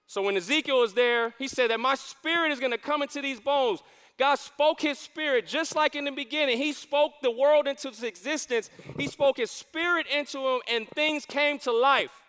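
A man preaching a sermon as a campus pastor, animated and repeating his key lines for emphasis. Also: very high-pitched, normal speed, smooth. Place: church stage. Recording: long hall reverb in a church.

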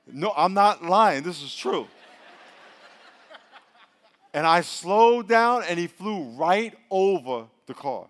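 A man preaching a sermon as pastor, telling a joking story and then leading a hushed, earnest prayer. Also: high voice, lively intonation, slow, pauses often.

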